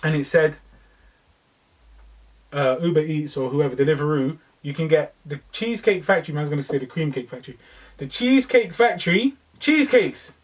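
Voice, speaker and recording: A young man, co-hosting a podcast in casual chat, telling stories in lively slang. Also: on the high side, moderate pace, recorded from a distance, poor audio. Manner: slangy, animated storytelling. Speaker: podcast co-host.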